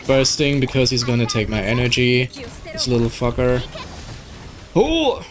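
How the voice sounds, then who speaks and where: Excitable German gamer with faint music. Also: male voice, mid-range voice, moderate pace. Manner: excitable, swears and shouts at the game. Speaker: gaming streamer. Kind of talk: casual gameplay commentary.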